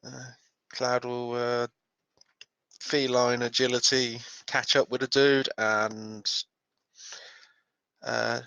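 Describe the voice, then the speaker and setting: A man's voice: mid-range voice, level tone, slow, creaky, long pauses, pushed and bright, clear, resonant tone, dry recording, muffled recording. A man playing a tabletop game, talking hesitantly with many fillers and some swearing. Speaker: player.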